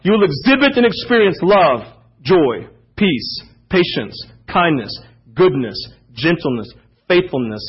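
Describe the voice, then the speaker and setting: A man preaching a sermon, animated and swinging between loud emphasis and hushed asides. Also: a little high, a little slow, slightly rough, dull audio.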